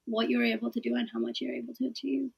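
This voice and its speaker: A woman's voice: on the high side, level tone, fast talker, creaky, a little mellow, slightly rough, low-quality recording. A young woman in her twenties, a student guest in a casual interview, speaking earnestly and laughing often.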